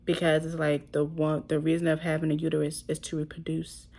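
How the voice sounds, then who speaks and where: Low gravelly young woman telling a story. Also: completely flat delivery, fairly quick, darkish tone. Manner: emotional, rambling, heavy use of "like". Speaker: vlogger. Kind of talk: casual storytelling to camera.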